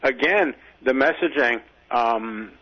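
A man co-hosting a political talk radio show, measured and deliberate, stressing key words. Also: medium pitch. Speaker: radio co-host, commentator. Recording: dull lo-fi radio sound.

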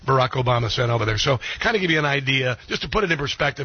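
A man's voice: mid-range voice, lively intonation, rapid-fire, breathy edge, no echo, dull audio. A man hosting political talk radio, blunt and opinionated, with frequent ums and restarts.

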